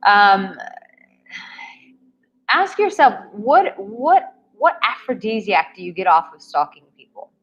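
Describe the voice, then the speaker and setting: A woman's voice: mid-range voice, sing-song, slow, long pauses, breathy edge, highs cut off. A woman dating coach answering viewer questions on a live stream, upbeat and encouraging as she talks straight to her viewers. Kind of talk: live-stream Q&A reading chat comments.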